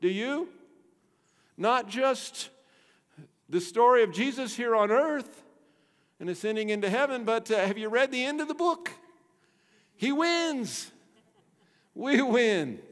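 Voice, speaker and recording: An older man preaching a sermon, emphatic, asking rhetorical questions and swinging between loud and soft. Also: high voice. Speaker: pastor. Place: church sanctuary. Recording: long hall reverb.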